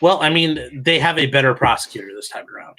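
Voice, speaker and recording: A man's voice: mid-range voice, fast talker, bright, forceful tone. A man talking as a guest on a podcast, casual chat, blunt and opinionated, often repeating words as he starts. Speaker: guest, legal commentator.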